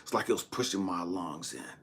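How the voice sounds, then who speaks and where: A man giving a dramatic personal testimony as a spiritual talk host, swinging from hushed whispers to near-shouts. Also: low-pitched, brisk.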